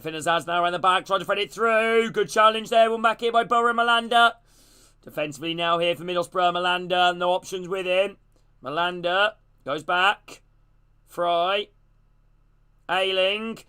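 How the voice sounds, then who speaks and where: A man streaming a live football watch-along, calling the play and greeting his chat in a casual, excitable way. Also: high-pitched, moderate pace, clean tone. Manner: casual, greets chat between plays, gets loud and excited on attacks.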